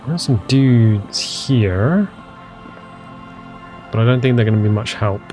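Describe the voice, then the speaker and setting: A man's voice: medium pitch, expressive, slow, a little mellow, soft background music. A man playing a video game in casual commentary, reading its text aloud with jokey asides. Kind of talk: casual let's-play commentary.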